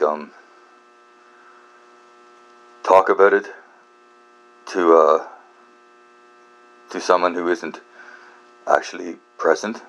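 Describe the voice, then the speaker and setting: A man hosting a book channel, talking through a rambling casual monologue, halting with many fillers and restarts, swearing often and laughing at himself. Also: low-pitched, fairly bright tone. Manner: self-deprecating, laughs at himself.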